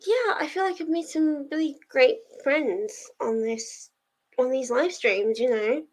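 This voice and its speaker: A woman's voice: sits high, measured pace, darkish tone, rough recording. A young woman hosting a live stream, chatting casually with viewers, laughing often and getting teary. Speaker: livestream host of reading sprints. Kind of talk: casual chat to a live audience.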